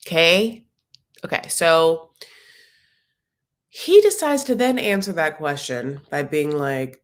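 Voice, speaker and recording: A woman with a fairly low voice hosts a casual live reaction chat. She talks in a chatty, sassy way, tossing out jokes and little asides as she goes. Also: animated, slow pace, long pauses. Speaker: recap show host.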